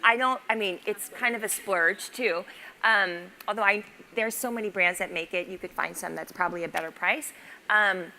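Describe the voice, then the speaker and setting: Bright-voiced woman chatting on a beauty panel. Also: mid-range voice, moderate pace, a little hiss or hum. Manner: chatty, enthusiastic, with fillers like "like". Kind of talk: casual panel talk. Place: live panel on a stage at a fashion event.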